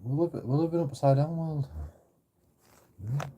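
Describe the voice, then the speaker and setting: A man's voice: fairly high pitch, moderate pace, warm tone, a little hiss or hum. A man telling a sweary, rambling, indignant story in a casual vlog. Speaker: YouTube auditor and streamer.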